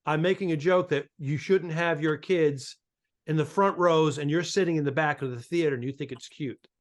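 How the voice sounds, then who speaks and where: Male comedian co-host, casual chat, slightly higher voice, acts out stories. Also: normal speed. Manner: animated storyteller, acts out quotes. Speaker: stand-up comedian and podcast co-host.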